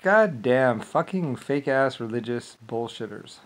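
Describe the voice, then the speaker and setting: A man's voice: mid-range voice, expressive, moderate pace. A man delivering a rambling solo monologue, dismissive and profane, with lots of filler words. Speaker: channel host.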